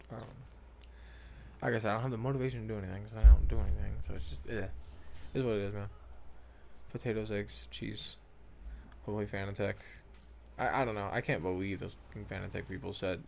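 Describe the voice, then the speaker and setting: A man's voice: on the low side, fairly even intonation, fast talker, gravelly, pauses often, a little mellow, a little hiss or hum. A young man who rambles and swears a lot, talking casually over gameplay footage and trailing off often. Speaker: gaming vlogger.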